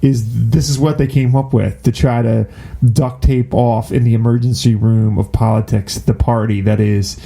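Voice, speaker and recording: A man's voice: medium pitch, steady tone, moderate pace, gravelly, mellow. A man hosting a political commentary show, talking in a sarcastic, mocking manner. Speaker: host.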